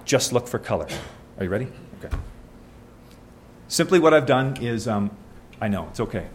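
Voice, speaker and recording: A male preacher with a voice neither high nor low teaches from scripture in a conversational sermon at normal speed and with lively intonation. In an earnest, friendly tone he keeps asking his congregation questions and answering them himself, over a little hiss or hum.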